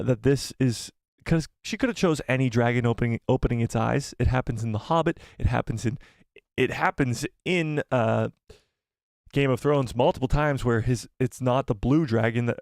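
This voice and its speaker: A man's voice: medium pitch, vocal fry, dry recording, clean studio sound. Chatty, laughing live-stream host man. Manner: animated, self-deprecating, laughs often. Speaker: livestream host. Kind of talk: casual live-stream chat.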